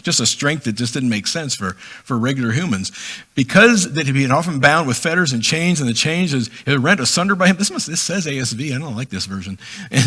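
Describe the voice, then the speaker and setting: Reading scripture and then unpacking it with chatty asides, this middle-aged preacher acts out voices and laughs along the way. His mid-range voice is bright, forceful, and husky, and his Bible teaching feels casual and conversational.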